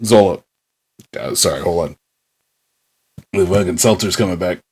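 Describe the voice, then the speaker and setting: A man co-hosting a casual podcast chat, animated and swearing casually. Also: deep voice, moderate pace, husky. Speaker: podcast co-host.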